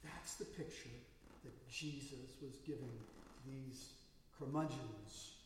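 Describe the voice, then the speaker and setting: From far off in an echoey church sanctuary, a pastor preaches a sermon, his storytelling building to emphatic bursts. He has a mid-range voice, a slow pace, and there's slight background noise.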